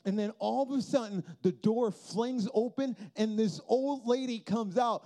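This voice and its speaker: High-voiced man telling an animated story. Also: normal speed, hardly any pauses. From Minnesota. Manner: animated, acts out dialogue with sudden jumps in pitch and loudness. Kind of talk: storytelling sermon.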